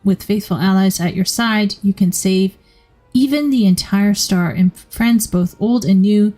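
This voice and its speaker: A woman's voice: mid-range voice, a little slow, mellow, soft background music, natural voice. A woman reading out a game's determined young warrior princess in an earnest, rallying tone. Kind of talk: reading game dialogue aloud.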